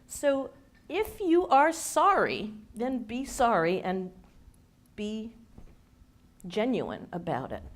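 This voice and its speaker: A woman communications expert giving a workshop to a live audience in a playful, lively way. She asks the listeners questions and acts out the speech habits she describes. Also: a little high, slow pace, pauses often. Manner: demonstrates speech habits with her own voice.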